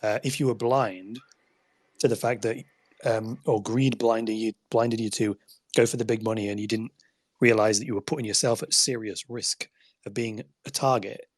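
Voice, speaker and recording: A man's voice: lowish voice, steady tone, normal speed, no echo. Conversational man with a dry sound. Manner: conversational, plays devil's advocate, laughs along. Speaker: podcast guest. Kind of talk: casual podcast chat.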